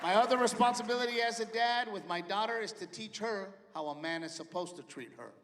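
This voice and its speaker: A middle-aged man doing a stand-up comedy routine, animated storytelling that acts out his family members. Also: sits high, brisk, some chatter behind. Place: large theater with live audience. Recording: live venue reverb, audience noise.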